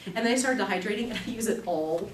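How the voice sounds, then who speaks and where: A woman's voice: mid-range voice, fast talker, over a noisy crowd. Chatty woman teaching a class, echoey room. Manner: chatty, animated storytelling with laughter. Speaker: class instructor. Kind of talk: live classroom demonstration. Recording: echoey room, distant mic, faint noise.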